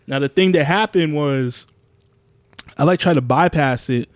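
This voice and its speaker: A man's voice: measured pace, dry recording. A young man co-hosting a podcast, telling a story in casual chat, swearing and acting out quotes in a raised voice. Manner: animated storytelling, swearing, acts out quotes in a higher voice. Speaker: podcast co-host.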